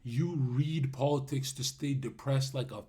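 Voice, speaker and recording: A man's voice: medium pitch, normal speed, mellow. A man streaming live, ranting at his chat in a brash, mocking way, swearing and laughing at his own jokes. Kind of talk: livestream rant.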